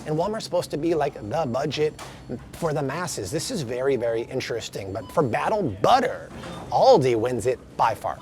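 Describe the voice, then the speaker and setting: A man's voice: medium pitch, big pitch swings, normal speed, darkish tone, soft background music. A man vlogging his way through supermarket aisles, emphatically comparing prices in an upbeat tone. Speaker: grocery vlogger. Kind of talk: store walkthrough vlog.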